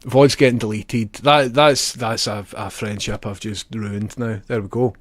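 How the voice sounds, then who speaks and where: A man's voice: on the low side, steady tone, unhurried, no echo. Joking Scottish man streaming, dry sound. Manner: joking banter, frequent laughter, rambling asides. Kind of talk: casual live-stream chat.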